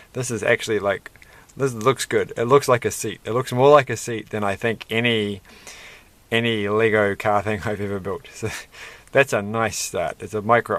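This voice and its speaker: A man's voice: fairly low pitch, a bit bright, no room sound. A man hosting a casual toy-building video, rambling and chatty with self-deprecating asides. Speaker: host.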